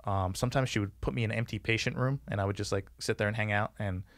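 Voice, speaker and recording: A man in his forties, guesting on a podcast, tells rambling stories from his life in a casual interview, full of "like" and acted-out quotes. His fairly low voice stays fairly even in intonation as he talks fast, in clean studio sound with no echo.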